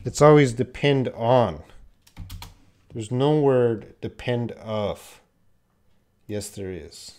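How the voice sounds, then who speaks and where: Male English teacher on a live Q&A stream, unhurried, blunt and direct with viewers. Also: mid-range voice, darkish tone, clear, resonant tone. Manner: reads viewer questions aloud and corrects them, blunt and direct.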